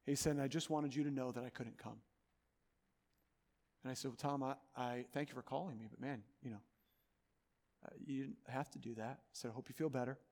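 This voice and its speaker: A man preaching a sermon as pastor of his church, earnest, moving between loud urging and soft, hushed pleading. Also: mid-range voice, steady tone, moderate pace, pauses often, in a large hall. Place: church sanctuary.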